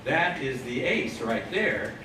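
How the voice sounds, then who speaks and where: A man with a mid-range voice delivers animated, slow-paced storytelling patter as a stage magician, full of wry puns aimed at his live audience. The sound is echoey and distant, recorded in a theater with audience noise around him.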